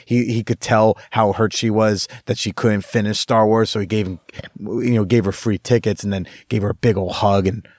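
A young man hosting a podcast, telling stories in a casual, animated way, with lots of swearing and quick asides. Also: lowish voice, dry recording, studio quality. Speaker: podcast host. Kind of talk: casual storytelling monologue.

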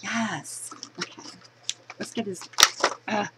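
A woman's voice: medium pitch, fairly even intonation, slow, a bit bright, slight background noise, low-quality recording. A woman chatting casually while unboxing a collectible, giggling and poking fun at herself. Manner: chatty, giggly, self-mocking.

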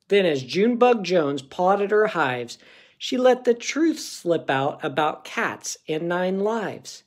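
A man reading a children's picture book aloud, narrating in an expressive, unhurried way. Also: on the high side. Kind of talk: storybook read-aloud.

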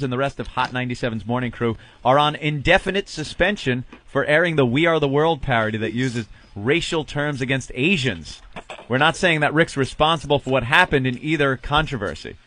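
Male co-host, mid-pitched, dry matter-of-fact news reader on talk radio. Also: sharp tone. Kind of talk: reading news items on radio.

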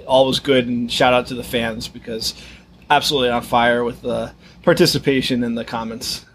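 A man co-hosting a podcast, chatting in a relaxed, rambling way. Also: medium pitch, moderate pace, a little hiss or hum. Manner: relaxed, rambling, many fillers. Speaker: podcast co-host. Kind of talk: casual podcast chat.

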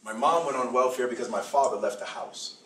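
A middle-aged man, a bishop, giving a speech to an audience in a preaching style. He stresses his points, repeats phrases and uses slow dramatic pauses. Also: medium pitch, fairly bright tone. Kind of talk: preaching-style public address. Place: event hall before an audience. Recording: echoey hall from far off.

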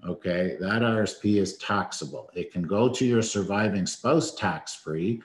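A man's voice: fairly low pitch, unhurried, reverberant. A man, an accountant, explaining taxes on a webinar in a plain-spoken way and checking in with "okay" as he goes. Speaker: accountant co-host. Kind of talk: explaining tax in a live webinar.

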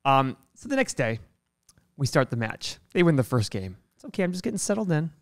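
A young man co-hosting a podcast, telling animated, fast stories in casual chat, laughing often and swearing freely. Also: on the high side, dry recording, clean studio sound. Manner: fast, animated storytelling, acting out quoted people. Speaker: podcast co-host, investor.

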